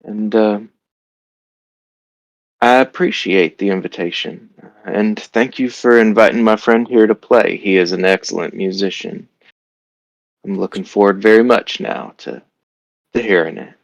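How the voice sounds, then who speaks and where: A man's voice: lowish voice, measured pace, gravelly, pauses often, no echo, highs cut off. A man speaking in character as a player, polite and formal. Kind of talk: in-character role-play.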